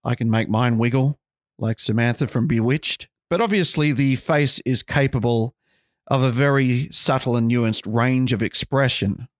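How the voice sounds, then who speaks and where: A man's voice: mid-range voice, normal speed, no echo, studio quality. A man hosting a podcast, talking through ideas in a casual, wry and musing way with sarcastic asides. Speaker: podcast host.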